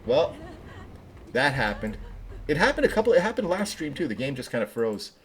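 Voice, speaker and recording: A man streaming a game live, chatty and excitable, talking to viewers between moves. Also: medium pitch, moderate pace. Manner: chatty, excitable, laughs easily. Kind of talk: live gameplay commentary.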